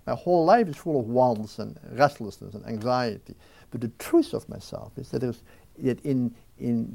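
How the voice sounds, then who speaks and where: Gravelly, mellow-voiced man reflecting earnestly. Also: medium pitch. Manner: earnest, with frequent restarts and lively mimicking of racing thoughts. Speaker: interviewee. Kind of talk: reflective spiritual talk.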